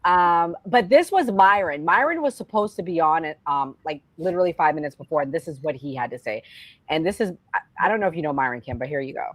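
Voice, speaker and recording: A woman's voice: low-pitched, animated, fast, dry recording. A woman hosting a casual podcast panel, steering the talk and throwing questions to her guests. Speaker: host.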